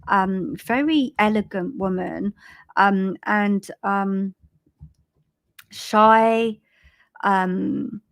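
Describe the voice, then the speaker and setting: British lady medium on a live stream, gentle and chatty, loads of ums, middle pitch. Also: gravelly. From Britain. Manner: halting, full of ums and restarts, gentle and soothing. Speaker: spiritual medium giving live readings. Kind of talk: live-stream psychic reading, casual and chatty.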